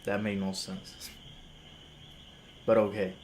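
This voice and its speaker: Slangy young man, low voice, reacting live. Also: little pitch movement, takes it slowly, a little mellow, slight background noise. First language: Spanish. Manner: casual slang, incredulous and argumentative. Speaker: music reviewer streaming live.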